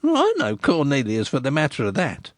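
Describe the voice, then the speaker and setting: A man's voice: medium pitch, huge pitch swings, normal speed, dry recording, clean studio sound. A man voicing a stout, matronly village woman who speaks tartly in a rustic dialect. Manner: tart, skeptical rustic speech.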